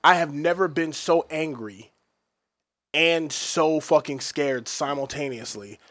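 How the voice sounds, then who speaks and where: A man co-hosting a podcast, telling a story in profane, animated casual chat. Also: a little high, slow, no echo. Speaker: podcast co-host.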